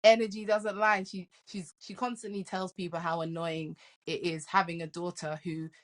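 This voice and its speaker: Lower-voiced middle-aged woman telling stories. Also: normal speed. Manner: lively, laughs often, repeats words when starting sentences. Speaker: life coach guest. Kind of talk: casual interview storytelling.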